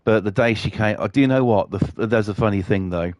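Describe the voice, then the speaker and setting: A man's voice: on the low side, fast talker, a little mellow, dry recording. A British man chatting casually on his live stream, rambling and swearing a lot.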